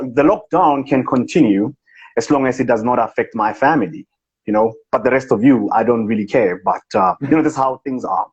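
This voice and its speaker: A boastful, self-important rich businessman holds forth deadpan in a husky South African voice, put on by a man doing an impression. He sits at a middle pitch and bragging ease. The live-stream sound is dull and lo-fi. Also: lightly acted. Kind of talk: comic impression on a live video chat.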